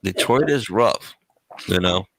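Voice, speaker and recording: A man hosting a casual podcast chat, relaxed and prone to restarts. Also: low-pitched, slow, creaky, no room sound. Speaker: podcast host, transit worker.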